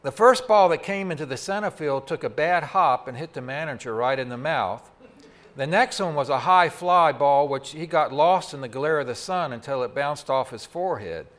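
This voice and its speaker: Preaching a Sunday sermon into a microphone in a church sanctuary, this pastor has a somewhat raised, slightly bright male voice with lively intonation and a moderate pace. His style is folksy and conversational, and he frequently turns aside to address the congregation directly.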